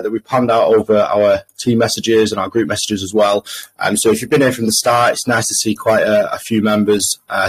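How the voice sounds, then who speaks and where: A man's voice: medium pitch, a little mellow, husky, low-quality recording. A man with a Manchester accent giving a voice-chat presentation to investors, hesitant and full of ums and restarts. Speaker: crypto trader presenting to investors. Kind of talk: screen-share voice chat presentation.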